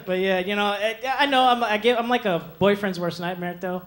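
A young man doing a stand-up comedy set on a club stage, animated, slipping into quick voices for the people he quotes, with audience laughter behind him. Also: high voice. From Mexican heritage. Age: young adult. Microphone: handheld stage mic.

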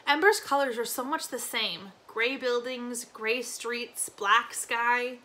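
A woman teacher reads a novel aloud slowly, with expressive pacing that lingers on key phrases. Her voice is somewhat high and notably bright, and small slips and restarts reveal that she's reading live.

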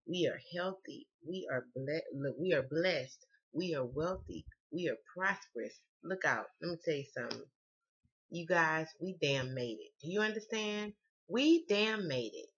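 A woman with a Southern US accent talks straight to her viewers as a tarot reader, loose, slangy and quick to cuss. Her voice sounds bright and sharp. The recording is dull and lo-fi, like a home setup. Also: sits low. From Southern United States. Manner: chatty, slangy, swears freely. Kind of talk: casual tarot reading to camera.

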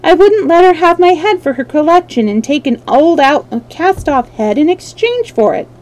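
A woman voicing a frightened little girl prisoner who pleads in a high, urgent voice. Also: sing-song, moderate pace, darkish tone. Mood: eager.

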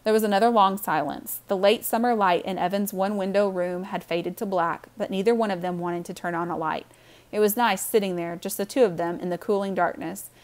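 A woman reading a children's novel aloud with warm, expressive storytelling. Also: medium pitch, a little fast. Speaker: audiobook reader.

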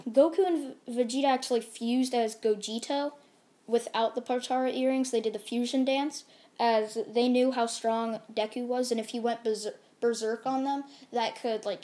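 A woman's voice: on the high side, mellow. A woman casually narrating a fan-made story, rambling with many fillers and restarts.

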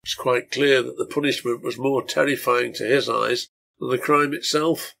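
A man reading a novel aloud in a steady storytelling manner. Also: mid-range voice, moderate pace, creaky. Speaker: reader of a translated serial novel.

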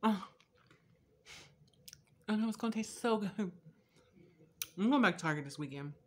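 A young woman vlogging a casual taste test, candid and chatty, swearing freely and drifting between soft asides and loud laughing outbursts. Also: mid-range voice, lively intonation, normal speed, a little hiss or hum.

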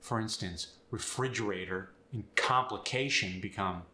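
A man teaching accents and explaining sounds step by step in an upbeat, clear way. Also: on the low side, measured pace, sharp tone, echoey room. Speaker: accent coach. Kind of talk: instructional video.

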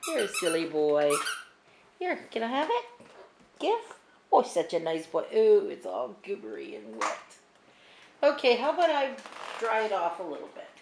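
A woman's voice: medium pitch, big pitch swings, normal speed, vocal fry, pauses often. A woman training her puppy at home, giving short commands and sing-song praise. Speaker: dog trainer. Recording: echoey room with background noise.

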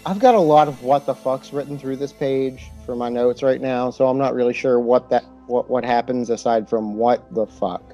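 A man's voice: medium pitch, normal speed, hardly any pauses, dark tone, soft background music. A man co-hosting a casual movie podcast, laid-back, recapping the plot with dry asides. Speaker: podcast co-host. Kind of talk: casual movie chat over beer.

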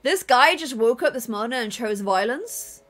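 Playing a life-sim game, a female gaming YouTuber delivers playful let's-play commentary that's theatrical, giggly, and mock-menacing. Her slightly high, slightly bright voice has lively intonation and a moderate pace, with faint music in the background.

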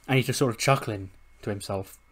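This is a chatty man recapping a game run in a casual let's-play style. He talks through the action in quick, easygoing summaries. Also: on the low side, a bit bright, husky. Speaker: game commentator.

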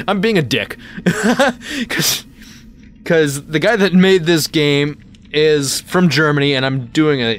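A man's voice: medium pitch, a bit bright, a little hiss or hum. A man hosting a let's play, rambling in casual gameplay commentary with self-mocking asides. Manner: rambling, self-mocking, lots of sudden yelps.

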